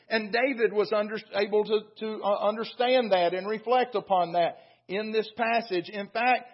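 High, husky-voiced man preaching a sermon. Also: muffled recording. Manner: earnest storytelling preaching, retells scripture with acted quotes. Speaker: pastor. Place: church sanctuary.

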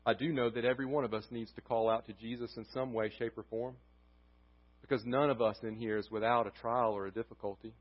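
A pastor preaching a sermon, impassioned, rising to near-shouts and dropping to hushed closings. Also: male voice, medium pitch, fairly even intonation, fast talker, dull audio. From United States. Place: church sanctuary.

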